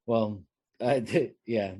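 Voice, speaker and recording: A man's voice: on the low side, slow, warm tone, breathy edge, no echo. A man co-hosting a podcast, telling a long work story in rambling casual chat with many fillers and restarts. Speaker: podcast co-host.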